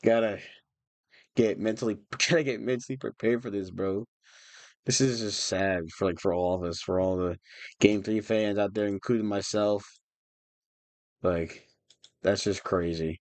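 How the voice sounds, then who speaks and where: A man's voice: fairly low pitch, steady tone, unhurried, long pauses, darkish tone, no room sound. Rambling young man livestreaming. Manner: rambling, emotional, many restarts. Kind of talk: casual livestream chat.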